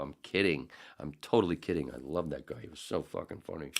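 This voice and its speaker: A man in his forties hosting a podcast, rambling casually with profane jokes and quick impressions. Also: a bass voice, gravelly. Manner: profane, jokey, slips into impressions. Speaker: podcast host.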